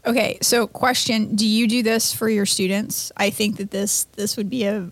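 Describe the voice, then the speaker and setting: A woman co-hosting a podcast who banters quickly and sounds exasperated, speaking into a close podcast mic. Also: mid-range voice, fairly even intonation. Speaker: podcast co-host. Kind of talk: casual podcast chat.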